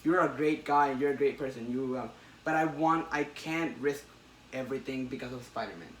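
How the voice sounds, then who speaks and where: A man's voice: mid-range voice, normal speed, roomy sound, recorded from a distance, a little hiss or hum, lightly acted, low-quality recording. A man speaking as an earnest, pleading young woman.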